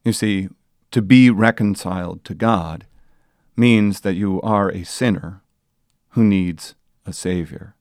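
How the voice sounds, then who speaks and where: A man preaching a sermon as pastor, earnest and plain, building to loud emphatic passages. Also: low voice, slow pace, dry recording, studio quality. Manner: earnest preaching, rising to loud sung quotes.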